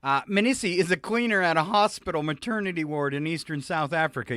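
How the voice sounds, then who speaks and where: A man's voice: on the high side, quick pace, a bit bright, no room sound, studio quality. A man hosting a morning radio show, reading offbeat news in a jokey way and laughing often. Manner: jokey, laughs often, plays sound clips. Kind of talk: casual radio banter, reading news stories. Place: radio studio. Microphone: studio microphone.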